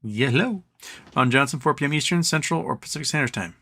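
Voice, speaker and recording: Male stream host, bright tone, loose rambling delivery with lots of ums. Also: on the high side, expressive, quick pace. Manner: rambling, reads viewer comments aloud, frequent ums. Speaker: livestream host. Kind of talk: casual live-stream chat.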